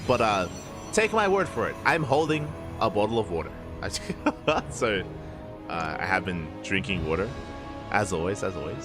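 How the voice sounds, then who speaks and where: Tired male esports caster, slightly slurred, lowish voice, chatty hype lines over faint music. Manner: chatty, hypes with repeated catchphrases. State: tired, late at night. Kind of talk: live game commentary.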